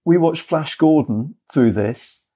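Podcast guy excitedly explaining stuff, warm mellow kinda husky voice. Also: a little high, slow pace. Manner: enthusiastic, explanatory. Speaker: podcast co-host. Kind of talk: casual chat.

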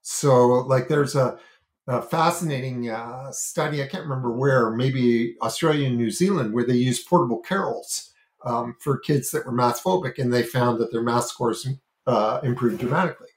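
A man talks through an idea in an earnest, explanatory way, often stopping and restarting with "you know" fillers as he thinks aloud. His voice sits at a middling pitch. The room gives it a noticeable echo. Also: normal speed. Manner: emphatic, gesturing with his hands while explaining. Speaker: parenting and self-regulation educator. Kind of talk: explanatory talk-show discussion.

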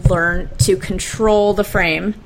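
A woman's voice: medium pitch, fairly even intonation, slow pace, music in the background. A woman hosting an interview, giving brief agreement sounds and asking plain, direct questions. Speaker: host.

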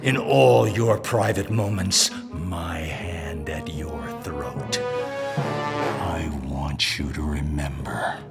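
A man voicing a grim brooding male caped vigilante, speaking in a slow menacing growl. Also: extremely low pitch, gravelly, heavily acted. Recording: music bed loud behind voice.

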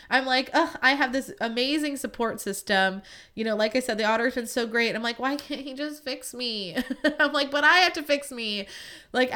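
A woman's voice: medium pitch, sharp tone. A young woman hosting a podcast, candid and chatty, talking casually with lots of "like" and "you know" fillers and some mild swearing. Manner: venting, frank with mild swearing. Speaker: podcast host. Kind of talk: casual chat.

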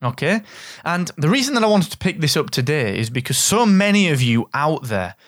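A middle-aged man with a Northern English accent, hosting a solo business podcast in an energetic, straight-talking, jokey way. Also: fairly high pitch, fairly quick, dry recording, clean studio sound. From Northern England. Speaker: podcast host.

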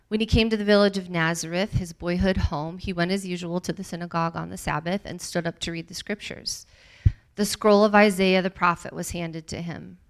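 Woman reading scripture expressively. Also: fairly low pitch. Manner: expressive reading, livelier in quoted speech. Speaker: Bible study leader. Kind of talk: reading scripture aloud with commentary.

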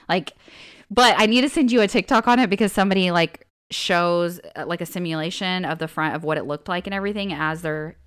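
Female co-host with a smooth voice, an animated storyteller who acts out quotes. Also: fairly low pitch, normal speed. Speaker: podcast co-host. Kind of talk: casual chat.

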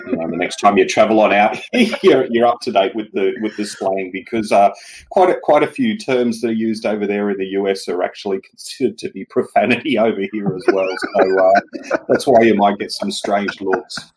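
A low-pitched Australian man in his forties talks easily as a podcast guest. His manner is relaxed and chatty, with frequent laughs. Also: brisk, a little hiss or hum. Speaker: guest, security executive. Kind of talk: casual interview chat.

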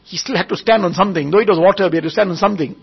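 A man with a high, gravelly voice delivers a storytelling sermon at a wedding gathering. He is husky and slightly breathy, and he goes over every point again and again. The recording is dull and lo-fi. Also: very fast. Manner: repetitive, retells each point several times.

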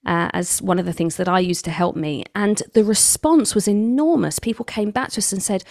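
A middle-aged woman from England, an author telling stories in a conversational interview, lively and quoting others with big pitch jumps. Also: fairly quick, dry recording, clean studio sound. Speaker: author and guest.

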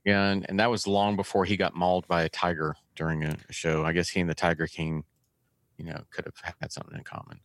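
Low-voiced man from Texas telling stories. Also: little pitch movement, quick pace, fairly bright tone, no echo, clean studio sound. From Texas, USA. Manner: laid-back, anecdotal. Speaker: podcast co-host. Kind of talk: casual chat, storytelling.

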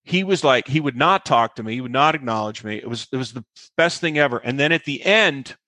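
A man's voice: mid-range voice, brisk, no echo. A male actor as interview guest, telling behind-the-scenes anecdotes with lots of fillers and acted-out quotes. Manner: animated anecdote teller, acts out quotes, many fillers. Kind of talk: storytelling interview.

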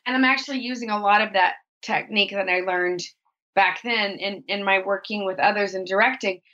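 A woman's voice: mid-range voice, fairly even intonation, a little fast, bright, forceful tone, highs cut off. A woman talking candidly as an interview guest. She is open and reflective, and she acts out her own inner thoughts in livelier voices.

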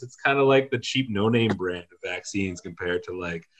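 A man's voice: mid-range voice, moderate pace, few pauses, bright, forceful tone. A man performing an improvised comedy sketch, talking in a casual, slangy way full of fillers.

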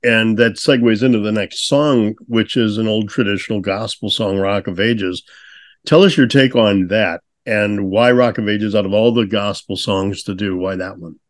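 A man's voice: fairly low pitch, moderate pace, dry recording. Easygoing male podcast host, dry sound. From St. Louis. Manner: easygoing storyteller. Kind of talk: casual podcast interview.

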